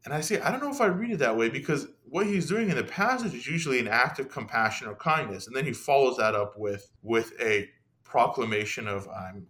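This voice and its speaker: Guy on a podcast, mid pitch, gets animated and restarts a lot, chatty. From Iran. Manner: animated, frequent restarts and asides. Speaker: podcast guest. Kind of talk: casual conversational discussion.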